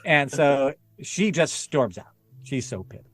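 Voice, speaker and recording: A man's voice: medium pitch, takes it slowly, no room sound. A man telling a story as a podcast guest in a casual chat, often laughing and acting out the people he quotes. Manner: animated, laughing, jumps into quoted voices. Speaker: podcast guest, former stuntman.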